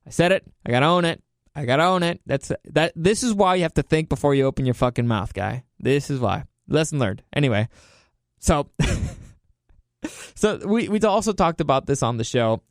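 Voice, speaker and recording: A man's voice: mid-range voice, dry recording, clean studio sound. A man hosting a solo commentary podcast, ranting heatedly with lots of swearing and rhetorical questions. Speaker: podcast host.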